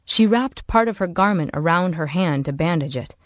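Reading a story as an audiobook narrator, a woman with a lowish voice keeps her scripted delivery measured and even. The sound is clean studio quality with no echo.

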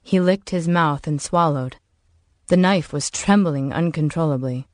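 A woman narrates a novel for an audiobook. Her delivery is measured and even, in a slightly low voice. The sound is dry and close to the mic. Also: dry recording. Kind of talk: scripted narration.

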